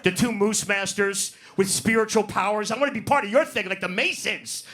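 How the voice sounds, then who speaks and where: A man's voice: high voice, brisk, bright, forceful tone. A man doing a profane, brash stand-up set in a comedy club, working the crowd. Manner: profane, brash, riffs on audience.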